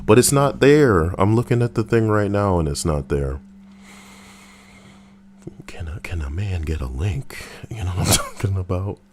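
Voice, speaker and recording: Deep-voiced man riffing with his chat. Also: animated, moderate pace, darkish tone, slight background noise. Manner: wry, chatty, talks back to chat. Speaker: live-stream reaction host. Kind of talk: casual live-stream commentary.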